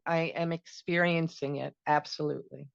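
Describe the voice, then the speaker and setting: A woman taking part in a healing session, answering softly and emotionally. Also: sits low, steady tone, normal speed, vocal fry, clean tone, muffled recording. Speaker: session client. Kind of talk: casual conversation.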